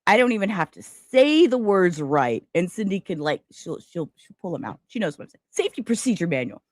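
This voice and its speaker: A woman hosts her livestream in a loose, rambling way, jumping between thoughts and swearing casually. Her pitch swings widely as she talks. The sound is dry and close. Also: big pitch swings, fairly quick, no echo. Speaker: livestream host.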